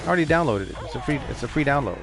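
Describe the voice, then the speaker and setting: A man streaming live, rambling in casual chat, excitable and profane. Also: medium pitch, very fast, gravelly. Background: music playing.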